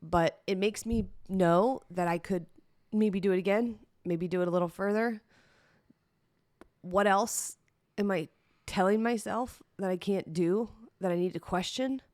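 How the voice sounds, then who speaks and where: A woman's voice: medium pitch, unhurried, darkish tone, dry recording, clean studio sound. A woman hosting a personal solo podcast, talking candidly and chattily, teary-eyed at times. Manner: candid, emotional, chatty with fillers. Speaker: podcast host.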